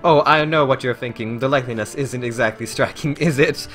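A man's voice: mid-range voice, brisk, a bit bright, faint music behind, voice pushed up, close to an everyday voice. A man voicing a dignified female orc librarian in a video game, speaking in formal, old-fashioned phrasing and sometimes stumbling over the words. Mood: earnest. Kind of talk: voicing game dialogue aloud.

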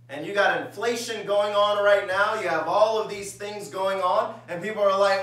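A male pastor delivers a sermon, reading scripture aloud and shifting into conversational, acted-out voices. His tone is bright and forceful and sits a little high for a man. He sounds a bit distant from the mic in a strongly reverberant church hall. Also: brisk, few pauses. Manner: reads scripture, then acts out everyday voices conversationally. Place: church sanctuary.

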